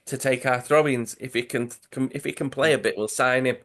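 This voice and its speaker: A man's voice: mid-range voice, steady tone, fairly quick, a bit bright, natural voice. Give me a man doing an eager, bossy football club manager.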